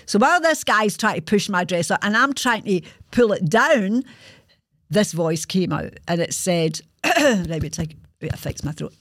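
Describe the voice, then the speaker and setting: A woman's voice: mid-range voice, sing-song, unhurried, fairly bright tone, no room sound, studio quality. A woman in her sixties with a Scottish accent, hosting a podcast and telling a personal story in a frank, earthy way, swearing freely. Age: 60s. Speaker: podcast host.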